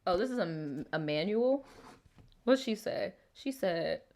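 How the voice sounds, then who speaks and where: A woman's voice: on the low side, lively intonation, measured pace, darkish tone. A young woman hosting a storytime channel. She reads a viewer's letter aloud, breaks off often with blunt, profane comments, and laughs a lot.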